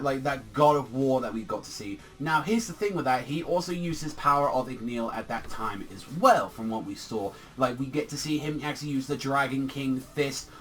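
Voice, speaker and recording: Rambling guy ranting about a manga chapter, kinda high voice, mic a bit far off. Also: fairly bright tone. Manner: rambling and profane, heavy filler "like". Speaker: anime and manga reviewer. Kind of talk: casual chapter review.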